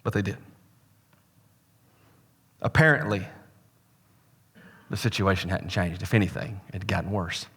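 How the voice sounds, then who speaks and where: A man preaching a sermon as a pastor, telling a story with humor and swinging between loud and hushed delivery. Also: deep voice, unhurried, pauses often, breathy edge, in a large hall. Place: church sanctuary.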